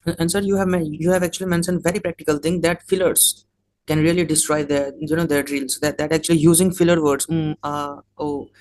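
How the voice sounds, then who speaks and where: A man's voice: on the high side, flat delivery, brisk, darkish tone. A man hosting an interview, asking questions hesitantly with lots of filler words and calling the guest sir. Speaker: interview host, mindset coach.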